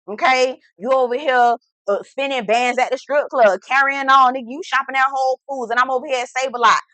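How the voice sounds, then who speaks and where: A woman's voice: sits high, pushed and bright, no echo. A woman voicing a fed-up young sailor man who rants in cursing street slang.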